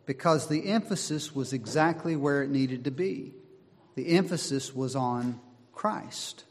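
A man preaching a sermon, slow and deliberate, driving his points home with emphatic repetition. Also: a little high. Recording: long hall reverb.

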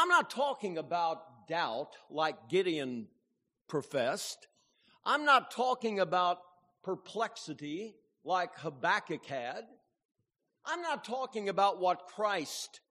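Male preacher, high voice, unhurried sermon delivery, hall echo. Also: pushed and bright. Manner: slow, deliberate preaching with rhetorical questions. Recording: long hall reverb.

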